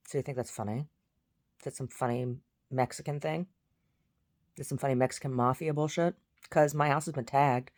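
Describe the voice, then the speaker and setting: Brief: a woman with a deep, low voice, talking casually, blunt and agitated, heavy on profanity. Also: a little mellow. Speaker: vlogger. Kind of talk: casual vlog rant.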